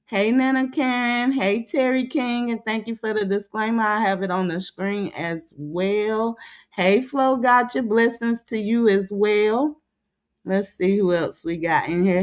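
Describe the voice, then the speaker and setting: A woman hosting a livestream chats away as she greets viewers, stretching out her greetings. She goes low whenever she reads a comment aloud.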